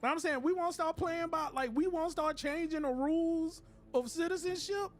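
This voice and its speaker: A man streaming a game, riffing in a joking, animated rant with laughs. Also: very high voice, moderate pace, soft background music. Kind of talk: casual comedic commentary while gaming.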